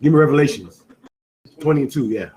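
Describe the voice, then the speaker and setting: Guy leading a bible class, kinda high voice, keeps asking the room "what?" and pushing them to answer. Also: animated, brisk, a little mellow, slight background noise, poor audio. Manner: quizzing students with repeated questions, emphatic; peppers talk with "you know what I'm saying". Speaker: scripture class teacher. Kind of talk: call-and-response Bible class.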